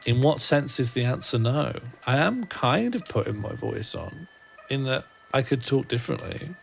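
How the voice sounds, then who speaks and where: This man streams a game with a mid-range, animated voice edged with vocal fry, speaking at normal speed. He muses wryly in rambling self-talk aimed at himself and his chat, over a faint hiss or hum.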